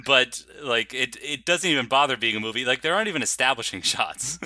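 Man, podcast co-host, casual rambling chat, bright voice, dry recording. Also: mid-range voice, expressive, a little fast, no room sound. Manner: rambling, laughs often.

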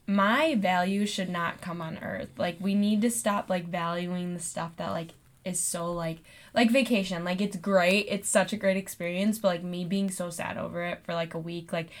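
A woman's voice: lowish voice, fairly even intonation, moderate pace. A young woman in casual conversation about faith, who often says "right" and uses many fillers. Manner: agreeable listener, frequent "right", filler-heavy.

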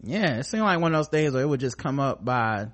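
A man's voice: mid-range voice, lively intonation, brisk. A male podcast host talking casually about news, sarcastic and profane.

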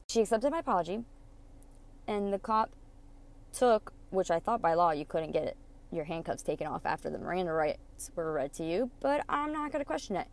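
A woman's voice: mid-range voice, animated, normal speed. A young woman hosting a podcast, telling a personal story with plenty of swearing and acting out the quoted dialogue. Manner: candid, swears freely, acts out quoted dialogue. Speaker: podcast host.

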